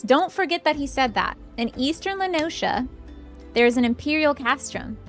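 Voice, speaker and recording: A woman's voice: high voice, animated, moderate pace, faint music behind. Chatty young woman gaming streamer. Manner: chatty, giggly asides. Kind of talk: casual gameplay commentary.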